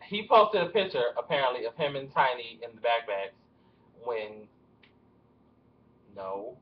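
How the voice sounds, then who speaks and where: A man's voice: mid-range voice, a little slow. A young man rambling through celebrity gossip in a casual vlog, with nervous laughter, recorded with dull lo-fi webcam sound in a room at home. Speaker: vlogger.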